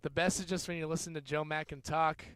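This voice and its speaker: A young man calling an amateur rugby game play-by-play, joking between plays and getting louder on big runs. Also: on the high side, fast, clear, resonant tone, no room sound. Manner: jokey, rising to excited shouts on big plays. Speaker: student play-by-play commentator. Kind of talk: amateur sports commentary.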